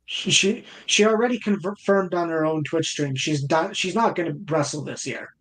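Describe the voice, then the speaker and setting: A man's voice: a little high, moderate pace, a bit bright. A man co-hosting a casual wrestling podcast, thinking aloud and hedging as he talks. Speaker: podcast co-host.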